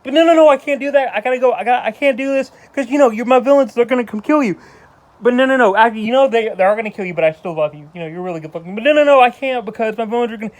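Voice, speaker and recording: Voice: mid-range voice, rapid-fire, close to an everyday voice. A reviewer mimicking a lovesick young hero who keeps flip-flopping between staying and leaving. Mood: torn.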